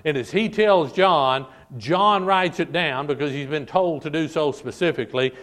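A man's voice: a little high, normal speed, fairly bright tone. A man preaching a sermon to a congregation, emphatic and repetitive, stretching out key words for stress. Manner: addresses congregation as "folk". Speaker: pastor. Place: church service.

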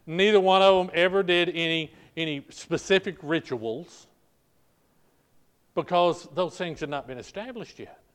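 A man's voice: high voice, measured pace, clear, resonant tone. An older man, a pastor preaching a sermon, calling out "folk, listen" and restarting phrases as he presses his points.

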